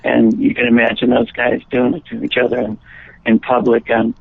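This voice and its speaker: A man's voice: mid-range voice, monotone, moderate pace, gravelly, crowd noise. A man from Chicago, an actor and musician, telling rambling anecdotes in a casual interview, often restarting his sentences. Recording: tinny phone line.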